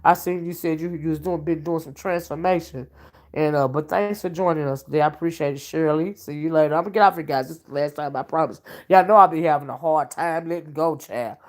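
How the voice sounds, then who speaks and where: In a low-pitched voice at a quick pace, a self-styled oracle livestreams from home during dinner prep. She chats folksily, reads comments, calls listeners honey and child, and thanks viewers by name.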